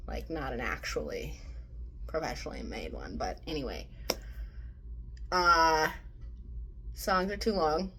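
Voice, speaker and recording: A woman's voice: low voice, lively intonation, a little slow, long pauses, background noise. A young woman vlogging a casual movie review rant. She swears freely and acts out quotes in mocking voices.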